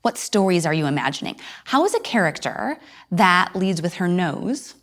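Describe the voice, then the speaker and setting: Lively woman teaching acting at home. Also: moderate pace. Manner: demonstrates voices while explaining, with sudden high and low swings. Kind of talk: home acting lesson addressed to viewers.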